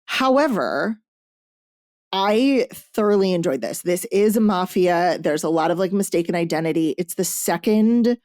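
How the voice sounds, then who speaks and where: Woman podcast host, casual chat, animated, dry close sound. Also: lowish voice, a little slow, no room sound. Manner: animated, swearing, acting out quotes. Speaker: podcast host reviewing romance books.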